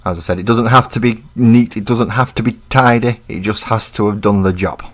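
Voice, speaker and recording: A man with a somewhat low voice talks casually on his live stream while painting. His manner is easygoing and rambling, and he turns blunt when trolls show up. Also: a little fast.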